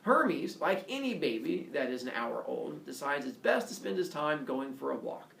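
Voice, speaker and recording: Jokey guy telling an old myth, lively sing-song voice, a bit gravelly, echoey room from far off. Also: mid-range voice, moderate pace. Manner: playful, jokey, animated. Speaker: storyteller. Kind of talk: casual myth retelling. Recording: echoey room, distant mic, faint noise.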